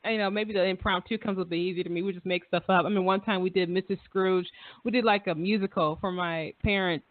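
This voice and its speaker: A chatty radio host talks in a warm-hearted, effusive rush, circling back with fillers and repeats. The sound is dry and squeezed through a narrow phone line, with a mid-range voice. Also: mid-range voice, steady tone, fast, no room sound. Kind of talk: casual radio talk show chat.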